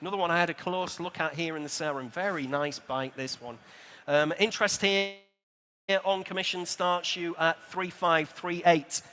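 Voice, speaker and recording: A man working as an auctioneer, calling motorcycle bids in a brisk, rhythmic patter with quick friendly asides to bidders. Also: fairly high pitch, steady tone, bright, forceful tone. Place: motor show sale room. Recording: reverberant large exhibition hall.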